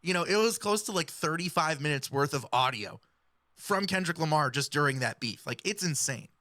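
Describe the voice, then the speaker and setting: A woman giving explanatory commentary in a video, speaking in a measured, analytical way. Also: deep voice, lively intonation, fairly bright tone, no echo, clean studio sound. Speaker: music commentator.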